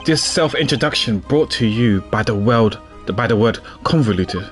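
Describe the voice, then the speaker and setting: A man voicing a stern, dry male prosecutor with measured delivery in game dialogue. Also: medium pitch, lively intonation, faint music behind, voice pushed down, lightly acted.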